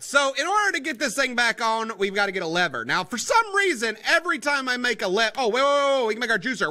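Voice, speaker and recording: An excitable young man rambles through his gameplay, calling out to his viewers as he builds. His voice sits high and swoops all over, with a very bright, forceful edge. Keys clack now and then behind him. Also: quick pace, hardly any pauses, slight background noise. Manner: excitable, rambling, talks to viewers as guys and boys. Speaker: gaming video host. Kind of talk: casual let's-play commentary.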